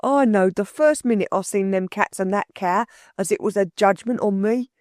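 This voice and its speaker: A woman reader lightly acts out a rough-spoken male London burglar, meek and bewildered, whose slangy working-class talk rambles on. The character voice is mid-range with a darkish tone, a little below her own, at normal speed. It's recorded dry and close.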